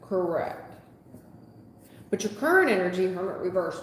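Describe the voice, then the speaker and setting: This woman sits on the low side and sounds very animated, speaking at a moderate pace over slight background noise. She's a tarot reader doing a live session, folksy, sarcastic, and scolding, recorded in an echoey room with long reverb.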